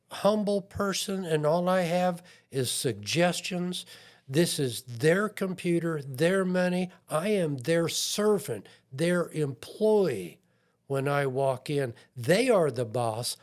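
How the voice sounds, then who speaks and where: A man speaking as an interview guest, an IT consultant talking in an earnest, self-deprecating way. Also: on the high side. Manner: earnest and self-deprecating, acts out quoted voices. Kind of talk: conversational podcast interview.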